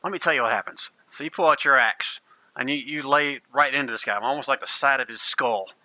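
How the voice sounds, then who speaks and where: A man in the game master's seat, narrating a tabletop battle with vivid, gleeful relish. His voice is very bright and forward. It sounds close and dry, with no room around it. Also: mid-range voice, a little fast, dry recording, rough recording.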